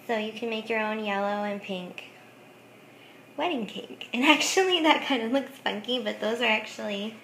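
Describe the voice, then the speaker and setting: Giggly woman vlogger, higher voice, chatty and full of "like", in an echoey room. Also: fairly even intonation, normal speed, fairly bright tone, a little hiss or hum. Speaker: craft vlogger. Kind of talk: casual chat showing thrift finds.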